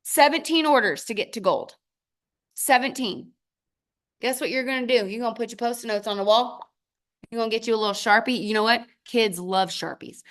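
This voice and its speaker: Punchy, emphatic woman guest speaker. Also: a bit bright. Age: adult with children. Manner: emphatic and punchy, with sudden leaps up in pitch for stress; addresses the audience directly in short commands. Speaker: guest speaker, sales team trainer. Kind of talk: motivational sales training talk.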